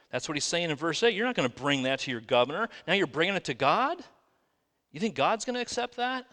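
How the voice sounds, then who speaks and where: A man's voice: fairly high pitch, lively intonation, fast talker, pushed and bright. A man preaching a sermon as a pastor, firing rhetorical questions at his congregation. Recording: long reverb of a large room.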